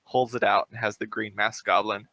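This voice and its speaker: A man narrating a tabletop game as game master, describing events lively and often laughing. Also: fairly low pitch, normal speed. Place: home streaming setup.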